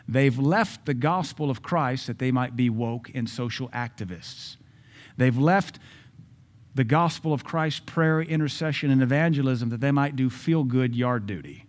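A man's voice: medium pitch, darkish tone. A man preaching a sermon as pastor at a church service, emphatic and repeating key phrases.

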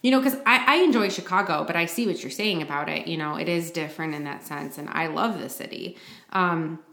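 A woman co-hosting a casual chat, relaxed and agreeable, often trailing off softly. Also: low voice, brisk, creaky. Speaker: podcast co-host. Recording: roomy echo.

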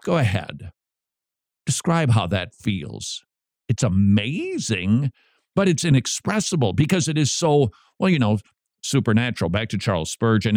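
A male Christian radio host with a lively, swinging delivery who fires off emphatic rhetorical questions. He slips in wry asides between his points. His voice sits close and dry on the mic. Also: medium pitch, measured pace, no room sound. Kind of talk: preaching talk show segment.

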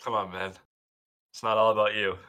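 Quick, bright-voiced teasing young man. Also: on the low side, flat delivery. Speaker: podcast co-host. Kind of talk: casual podcast banter.

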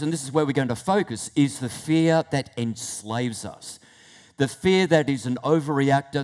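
Male preacher, mid-pitched voice, dramatic storyteller who voices inner thoughts and restarts his phrases. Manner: storytelling, acts out inner thoughts, shifts between hushed and loud; repeats words, restarts phrases. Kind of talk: sermon.

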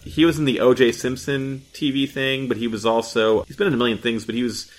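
A man co-hosting a podcast in casual chat, thinking out loud and restarting his sentences. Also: mid-range voice, flat delivery, brisk. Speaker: podcast co-host.

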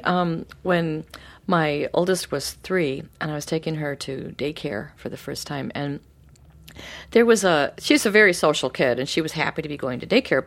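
A middle-aged woman co-hosting a podcast, telling a personal story in an animated, casual way. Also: sits low. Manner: animated, acts out voices in her stories. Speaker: podcast co-host.

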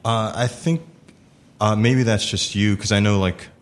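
Very deep-voiced man, halting chat. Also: fairly even intonation. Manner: halting, many fillers and restarts. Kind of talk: casual chat.

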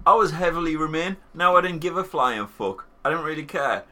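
Bright, blunt Northern English man. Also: a little high, lively intonation, fairly quick. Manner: blunt, sweary, ranting. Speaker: podcast co-host. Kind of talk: casual banter.

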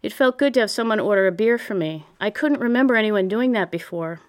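A woman narrates a memoir in a measured, reflective storytelling manner. Her voice is smooth and resonant at a middle pitch. It sounds like a clean audiobook reading. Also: expressive.

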